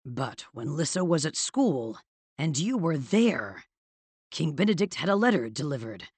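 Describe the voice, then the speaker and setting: Female narrator as a scheming, failing father: husky, lively intonation, calm and cold. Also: low-pitched, no room sound, full character voice. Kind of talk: audiobook character voice.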